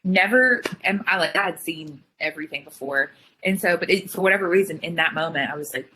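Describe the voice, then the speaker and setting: A young woman telling her own story in casual chat, full of "like" fillers and quick retellings. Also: lowish voice, bright, forceful tone, breathy edge, rough recording. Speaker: guest sharing her story.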